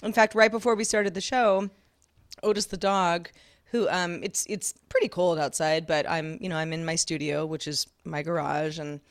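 A chatty woman co-hosting a podcast, talking casually from a garage studio. Her voice sits a little low and sounds dry and close, with animated, easy laughter. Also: moderate pace, no room sound. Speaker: podcast co-host. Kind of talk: casual chat.

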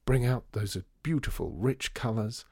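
A man voicing a brisk, theatrical disgraced store founder, wry and showy. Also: mid-range voice, animated, gravelly, dark tone, husky, dry recording, studio quality, heavily acted.

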